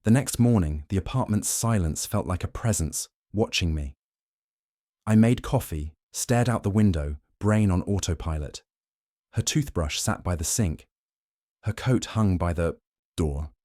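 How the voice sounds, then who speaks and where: Deep-voiced man telling a cold story. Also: warm tone, no room sound, clean studio sound. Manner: cold, measured. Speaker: narrator. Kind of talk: first-person audiobook storytelling.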